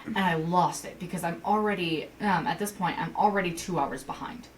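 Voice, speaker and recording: A woman co-hosting a podcast, telling a work story in casual chat, swearing freely and jumping up in pitch when she quotes herself. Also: brisk, distant mic, slight background noise, low-quality recording. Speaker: podcast co-host.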